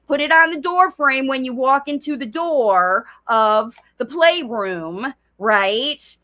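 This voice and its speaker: A woman's voice: high voice, lively intonation, slow pace, bright, forceful tone. A middle-aged woman coaching parents in a chatty live-streamed talk, often speaking in a child's voice. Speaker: speech coach.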